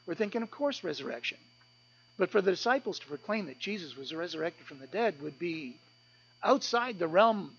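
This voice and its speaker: A man's voice: sits high, fairly bright tone, dull audio. A man preaching a sermon to a church, earnest and emphatic, often repeating words as he builds a point. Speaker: pastor. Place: church service.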